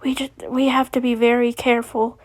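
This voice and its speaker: A woman's voice: high-pitched, fairly even intonation, a little fast, a little mellow, husky. A woman voicing a cautious, protective young boy who mostly whispers, in a storybook reading. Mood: whispering.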